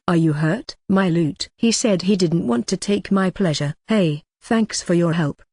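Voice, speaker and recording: A woman's voice reading a fantasy light novel aloud in a flat, machine-like narration. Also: on the low side, no echo, studio quality. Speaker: audiobook narrator.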